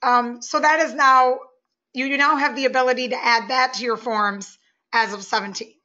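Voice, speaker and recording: A woman presenting a software webinar walkthrough, friendly and explaining step by step. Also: sits high, steady tone, normal speed, dull audio.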